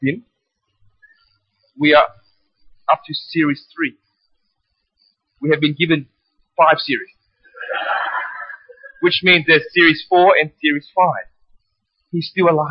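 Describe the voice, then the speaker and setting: A man voicing his calm, quiet wife as she patiently sets him straight in a story. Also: deep voice, takes it slowly, pauses often, husky, lo-fi sound, exaggerated voice.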